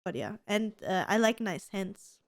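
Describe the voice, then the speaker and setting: A woman's voice: medium pitch, lively intonation, measured pace, no echo, clean studio sound. A woman in her thirties co-hosting a podcast, chatting casually in a gushing, giggly way and swearing freely. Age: 30s. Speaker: podcast co-host. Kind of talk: casual chat.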